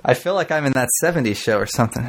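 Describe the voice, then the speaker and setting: A man hosting a podcast in an easy, unhurried way. He keeps things light with joking banter and leads the chat between co-hosts. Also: mid-range voice, very noisy. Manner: relaxed, jokey banter. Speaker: podcast host. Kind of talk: casual chat.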